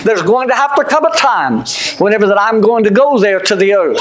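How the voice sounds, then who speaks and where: A man preaching a sermon, shouting out some lines and dropping low on others, repeating himself while he looks up scripture. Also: expressive, a little fast, slight background noise, poor audio. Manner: emphatic, swings between shouting and hushed tones; repeats words, fumbles while looking up scripture.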